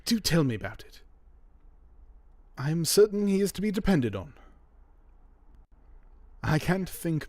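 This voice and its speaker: A man reading an audiobook, voicing an earnest, trusting young gentleman. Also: mid-range voice, no room sound. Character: naive cheerful young gentleman.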